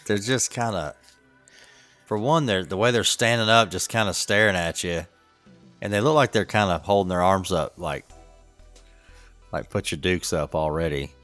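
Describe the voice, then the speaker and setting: A man's voice: low-pitched, normal speed, long pauses, fairly bright tone, soft background music. A middle-aged man co-hosting a podcast, telling rambling stories with a chuckle in casual chat. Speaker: podcast co-host.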